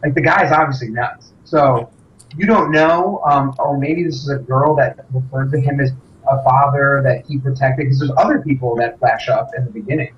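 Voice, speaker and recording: A man co-hosting a casual podcast chat, relaxed and hesitant, with frequent ums and restarts. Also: mid-range voice, normal speed, dull audio, a little hiss or hum. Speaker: podcast co-host. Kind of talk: casual chat over drinks.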